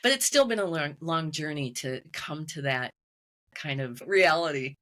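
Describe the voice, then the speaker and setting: A woman being interviewed as a medium and author, telling her story in lively detail and acting out the voices of the people she quotes. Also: low voice, moderate pace. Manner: animated storytelling, quoting voices. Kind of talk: conversational interview.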